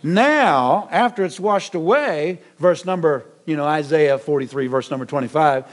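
A middle-aged man preaching a sermon as pastor, animated, with many repetitions and restarts. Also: high-pitched, unhurried.

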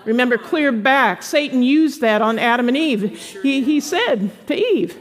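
High-voiced woman pastor preaching in a hall. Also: unhurried. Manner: animated preaching with playful voiced asides. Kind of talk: sermon. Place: church sanctuary with congregation.

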